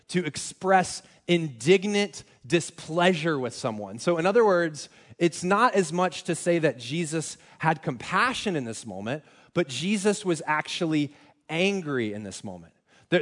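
Conversational young man preaching a sermon. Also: on the high side. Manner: conversational, self-deprecating, with frequent restarts and "like". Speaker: pastor.

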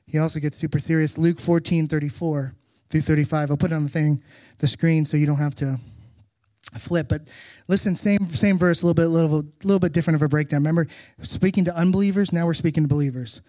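A man's voice: fairly high pitch, quick pace, dry recording. Emphatic middle-aged male preacher, dry sound. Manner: animated storytelling with emphatic repetition. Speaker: pastor. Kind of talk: sermon.

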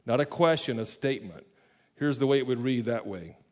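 A man's voice: medium pitch, lively intonation, fairly quick, darkish tone. Casual man preaching a sermon. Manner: casual, explanatory, asides and self-corrections. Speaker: pastor. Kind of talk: conversational sermon.

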